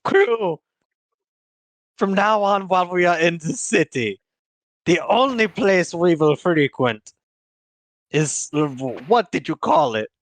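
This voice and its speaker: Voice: mid-range voice, animated, takes it slowly, pauses often, no room sound, pitched above the performer's own voice. A game master voicing a solemn orc captain with a Scottish accent. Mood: rousing. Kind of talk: tabletop role-play.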